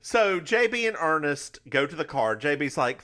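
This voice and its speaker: A man co-hosting a podcast, recapping a TV episode in a campy, teasing, animated way. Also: on the high side, moderate pace. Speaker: podcast co-host. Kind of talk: casual chat recapping a TV episode.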